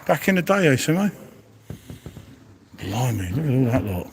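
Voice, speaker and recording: A middle-aged man streams live from an indoor museum of old exhibits, holding his phone as he walks and speaking at a moderate pace in a medium-pitched voice with big pitch swings. His commentary marvels at the displays while he addresses viewers by name.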